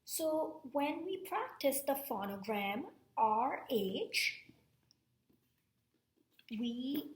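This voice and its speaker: A woman teacher giving a slow, patient phonics lesson, checking in with "okay?" and repeating each sound. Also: fairly high pitch, roomy sound.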